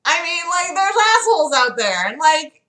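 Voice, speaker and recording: A woman's voice: sits high, very animated, normal speed, bright, forceful tone, roomy sound. A woman hosting a casual livestream chat, rambling and profane with lots of fillers. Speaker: livestream host.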